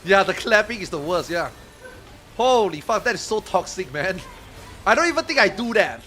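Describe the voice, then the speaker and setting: A man streaming an online game in casual chat, excitable, swearing freely and repeating himself. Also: high-pitched, normal speed.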